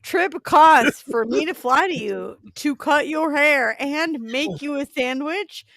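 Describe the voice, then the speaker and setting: A woman on a podcast with the hiccups, flustered and laughing between her words. Her voice is high and she talks slowly. The sound is dry. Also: expressive, creaky, fairly bright tone, no room sound. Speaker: co-host. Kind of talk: casual podcast banter.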